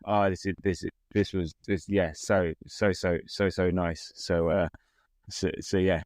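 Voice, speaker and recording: A man's voice: deep voice, steady tone, measured pace, dry recording, studio quality. A middle-aged man co-hosting a casual fan podcast, laughing often and restarting his sentences. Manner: warm, laughing, hesitant restarts. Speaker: podcast co-host.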